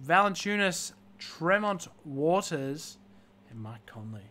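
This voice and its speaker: A man hosts a live card-break stream with a forceful, bright voice that sits a little high. He reels off player names in steady lists and breaks them up with offhand joking asides. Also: slow.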